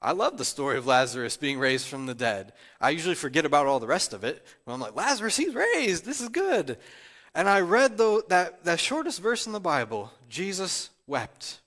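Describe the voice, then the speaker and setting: A man's voice: a little high, big pitch swings, brisk, few pauses, fairly bright tone, long reverb tail. A male pastor gives an emotional, personal sermon. He is close to tears and often restarts his sentences. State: tearful, near crying.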